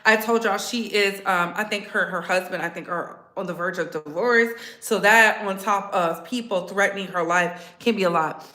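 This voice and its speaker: A woman's voice: mid-range voice, moderate pace, pushed and bright, roomy sound. A woman hosting a casual livestream, blunt and sassy, talking straight to her viewers in the chat. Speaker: livestream host.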